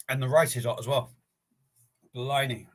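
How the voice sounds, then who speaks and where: An older man with a medium-pitched voice talks slowly on a live eating stream. His mouth is burning from chilli, so he's breathless, sweating and sniffling as he rambles casually.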